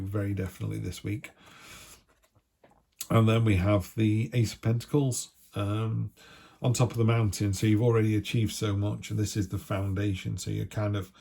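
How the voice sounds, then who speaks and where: A man from the United Kingdom gives a chatty tarot reading full of jokey asides and little acted-out voices. His lowish voice is gravelly, darkish in tone, and slightly rough.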